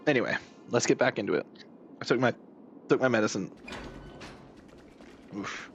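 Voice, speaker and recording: A man's voice: medium pitch, normal speed, vocal fry, a bit bright, highs cut off, a little hiss or hum. A young man streaming a game, chatting casually with a playful, teasing tone. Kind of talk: casual live-stream chat. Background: game music.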